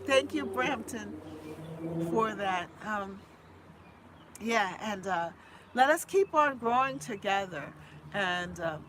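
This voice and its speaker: On her live gardening stream, a Boston woman talks with viewers in a warm, gushing way and sings a homemade jingle. The phone recording catches her mid-range voice along with slight background noise.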